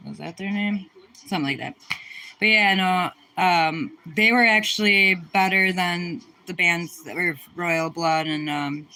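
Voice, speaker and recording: A woman's voice: on the low side, unhurried, low-quality recording. A young woman from the American Midwest, casually chatting on a livestream and answering viewer questions, rambling with lots of fillers and restarts. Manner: rambling, filler-heavy, relaxed. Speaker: livestream host.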